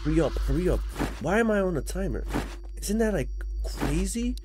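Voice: mid-range voice, big pitch swings, normal speed, noisy background. A young adult commentating live over a game, panicky, often repeating words over and over. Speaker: gameplay commentator.

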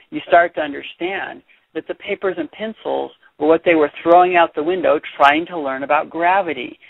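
A man reading a children's picture book aloud as a teacher, chatty and animated, stopping to explain. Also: on the high side, creaky, no echo. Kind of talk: read-aloud storytelling with commentary. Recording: dry, tinny phone-like sound.

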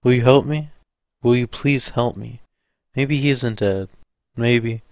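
A man voicing a frightened, distraught young wife in an audiobook, pleading and breathless, often dropping to a whisper, in a higher, smooth voice. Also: slow pace, dry recording.

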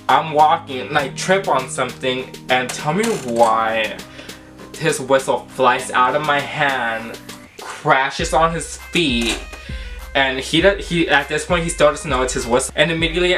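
Sassy, dramatic young man with bright voice. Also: mid-range voice. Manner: sassy, dramatic and profane, with lots of fillers. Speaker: vlogger. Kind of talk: storytime vlog.

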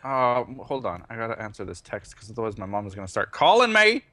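A man's voice: on the low side, big pitch swings, fast, sharp tone, no room sound. A young man teasing his friends in casual chat while they play a game.

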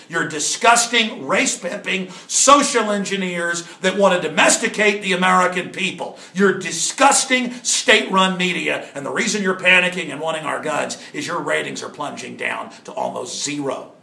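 A male talk radio host in a furious political rant, shouting scornful tirades. His voice sits high and gravelly, with a sharp, forceful edge. The sound is dry and close. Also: no echo. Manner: repetitive hammering delivery.

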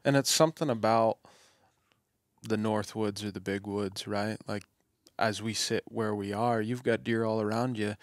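A man hosting a podcast in casual chat, relaxed and agreeable, wrapping up with his guests. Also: fairly low pitch, moderate pace, dry recording, studio quality. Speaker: podcast host.

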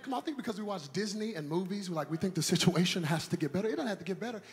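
A man preaching a sermon in a church, animated and shouting in a sing-song cadence with comic asides. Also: sits high, rapid-fire. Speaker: pastor. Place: church sanctuary.

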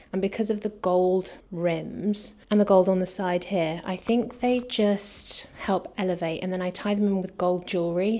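A woman's voice: on the low side, dark tone. A British woman from the UK chatting enthusiastically through a fashion haul, a little out of breath. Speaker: fashion vlogger. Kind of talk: casual try-on haul chat.

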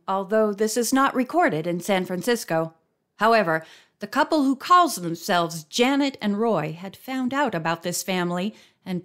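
A calm, authoritative middle-aged lawyer from a mystery storybook, measured as he lays out the facts. A woman reads him without changing her voice, which sits fairly high. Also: heavily acted.

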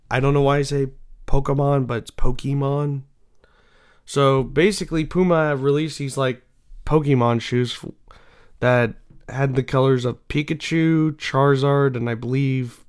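A young man hosting his own show, chatting casually in a rambling way with lots of fillers and restarts. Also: mid-range voice. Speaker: show host. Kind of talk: casual solo chat.

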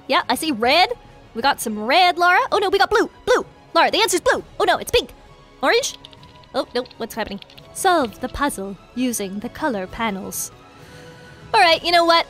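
Bubbly high-voiced woman gaming host. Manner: bubbly, excitable, giggly. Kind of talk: game commentary.

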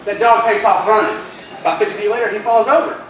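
A man's voice: high voice, fairly even intonation, quick pace, fairly bright tone. A young man from southern Georgia doing a self-deprecating open mic stand-up set, flustered after losing his lines. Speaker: stand-up comedian. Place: comedy club stage. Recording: echoey club, far-off mic, noisy.

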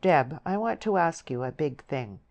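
An impulsive, restless young countryman in a spoken storybook, pressing his case with eager, slightly trembling earnestness. A woman reads him in her low, deep voice. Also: expressive, moderate pace, a little mellow. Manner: eager, pleading, then blunt.

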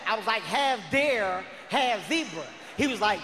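A man doing stand-up, telling a wild story in a loud, frantic, shouting delivery on a big stage. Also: sits high, expressive, moderate pace, noisy background. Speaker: stand-up comedian. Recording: live in a large hall with reverb.

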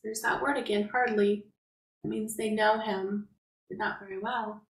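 A woman preschool teacher reading a picture book aloud to young children, gently explaining words and asking them questions. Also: mid-range voice, steady tone, a little slow, echoey room, poor audio.

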